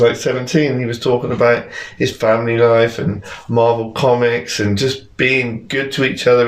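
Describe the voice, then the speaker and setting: Young male musician, middle pitch, candid rambler, roomy echo. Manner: candid, rambling storyteller, swears freely. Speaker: musician guest. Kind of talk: casual podcast chat.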